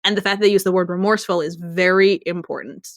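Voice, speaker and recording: A woman's voice: fairly low pitch, fairly even intonation, fast talker. A woman co-hosting a podcast in casual chat, rambling and laughing often. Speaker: podcast co-host.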